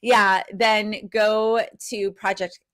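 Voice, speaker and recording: A woman hosting an online summit on a video call, effusive and quick to laugh and praise. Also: mid-range voice, flat delivery, fairly bright tone. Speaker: event host. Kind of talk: upbeat livestream hosting.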